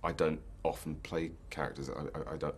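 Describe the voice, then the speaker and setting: Man, stage actor, very low voice, hesitant, faint noise behind. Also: fairly even intonation, fairly quick. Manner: hesitant, self-deprecating, with restarts. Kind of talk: casual interview chat.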